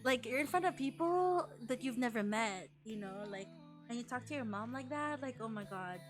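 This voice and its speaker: A young Filipina streamer chats casually, swearing a lot, restarting sentences and acting out quotes. Her voice is on the high side and animated, at a moderate pace, with faint music behind her.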